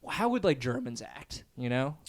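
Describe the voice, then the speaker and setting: A man hosting a casual podcast chat, full of jokes and quick laughs. His pitch moves a lot as he talks. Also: sing-song. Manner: joking, laughs often.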